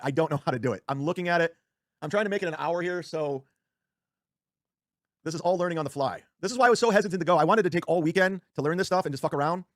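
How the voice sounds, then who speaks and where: A man on a livestream talks fast in a slightly high voice. He rambles and swears, restarting sentences as he goes. The sound is dry and close. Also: dry recording. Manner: rambling, profane, self-interrupting. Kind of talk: casual livestream rant.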